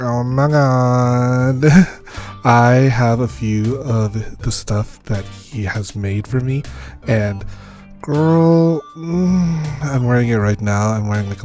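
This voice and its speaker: A man's voice: lowish voice, darkish tone. Campy, raunchy young male podcast host.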